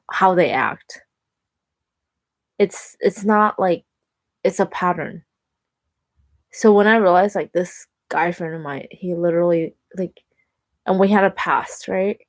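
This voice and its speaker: A young woman talking through her dating life in a chatty, animated vlog, with lots of "like" fillers. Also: fairly low pitch, no echo. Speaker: vlogger. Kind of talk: casual vlog monologue.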